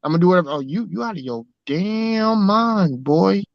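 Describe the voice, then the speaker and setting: A man with a high-pitched voice joins a casual panel chat and talks with emphatic, swaggering bravado. The sound is dry and a little dull, with no room around it. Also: expressive, normal speed, vocal fry, no room sound. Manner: emphatic, keeps saying "trust me", threatening bravado. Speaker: guest.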